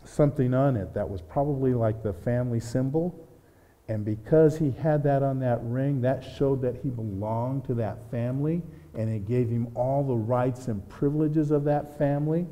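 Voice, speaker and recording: A man's voice: medium pitch, mellow. A male pastor retelling a story in a folksy sermon, with casual asides to the congregation. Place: church. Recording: long church reverb.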